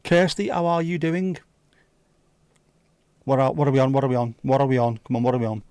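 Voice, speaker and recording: A man hosts a casual livestream, answering viewers with sweary jokes and quick asides. His voice sits at an ordinary middle pitch. The sound is close and dry, with no room echo. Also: fairly even intonation, darkish tone, smooth. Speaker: livestream host. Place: home livestream setup.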